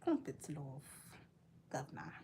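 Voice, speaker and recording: A woman's voice: very deep voice, wildly swooping pitch, unhurried, mellow, slight background noise, pitched below the performer's own voice, heavily acted. A woman voicing a mock-posh British woman offering tea, in a put-on British accent, exaggerated and playful.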